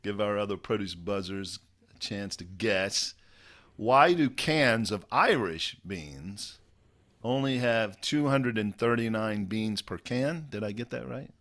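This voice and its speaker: A man's voice: fairly low pitch, slow. A man hosting a casual podcast, jokey and chatty. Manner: jokey, animated. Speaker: podcast host.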